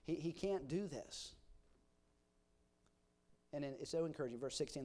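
Folksy preacher man with a fairly high voice. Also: normal speed, pauses often, warm tone. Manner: folksy, explains scripture with homely examples; reads scripture aloud in King James wording. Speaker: pastor. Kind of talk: expository sermon.

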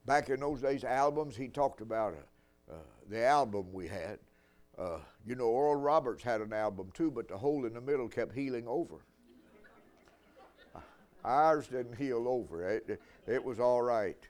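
A man's voice: medium pitch, expressive, moderate pace, a little mellow. An older man preaching a sermon, telling folksy stories with dry humor.

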